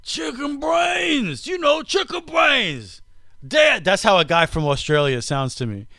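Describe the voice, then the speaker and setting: A loud, yelling Australian bloke, as a podcast host puts him on, pitched high and stretched out. His voice stays smooth and clear on a dry, close mic. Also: big pitch swings, normal speed, no echo. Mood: exaggerated. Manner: shouted, high and drawn out. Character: man doing a shouty fake Australian bloke.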